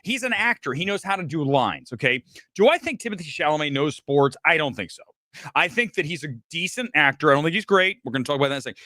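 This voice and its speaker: Film show host, middle-aged man from ohio, lively swooping delivery, loud bursts and low asides. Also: fast talker, no echo, clean studio sound. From Ohio, USA. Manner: animated, swings between loud outbursts and low asides, profane. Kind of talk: casual commentary on a livestream. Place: home studio, speaking to a laptop.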